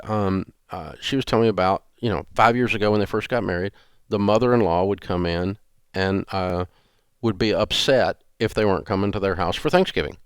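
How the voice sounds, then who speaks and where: A man in his sixties hosts a radio advice show with a low voice. He talks bluntly and folksy, with sarcastic asides. The studio sound is dry and close. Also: smooth, dry recording. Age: 60s. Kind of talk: call-in advice show talk.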